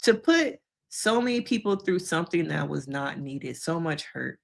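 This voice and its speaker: A woman therapist giving casual reaction commentary to viewers, talking directly to them and acting out quotes in high voices. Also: animated, normal speed, vocal fry. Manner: conversational, addresses viewers directly. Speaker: therapist reacting to a reality show.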